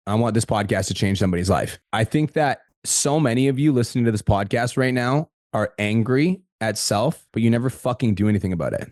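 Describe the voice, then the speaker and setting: Fast, blunt and heavy on the swearing, a male podcast host chats casually. The recording is dry and clean, studio quality, catching a fairly low, darkish voice.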